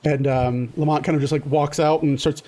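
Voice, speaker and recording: A man running a tabletop game as game master, narrating in a loose, halting way full of fillers. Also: fairly high pitch, steady tone, warm tone.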